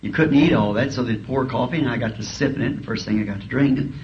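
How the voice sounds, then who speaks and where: A man's voice: mid-range voice, fast talker. A male preacher telling humorous, folksy stories in a sermon, chuckling as he talks. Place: school auditorium. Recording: dull lo-fi archive tape, faint hiss.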